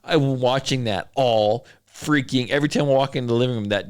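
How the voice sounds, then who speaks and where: Speaking fairly quickly in a mid-range voice that's a little mellow and smooth, a man from southern Idaho hosts a laid-back podcast from his home studio. He wanders wryly from point to point, listing things off, and the audio is clean studio sound without room sound.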